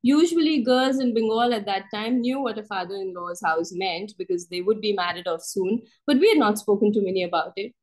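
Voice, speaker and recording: A woman telling a story in the first person as a storyteller in a workshop, raising her pitch for the voices she quotes. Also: fairly quick, few pauses, darkish tone, low-quality recording.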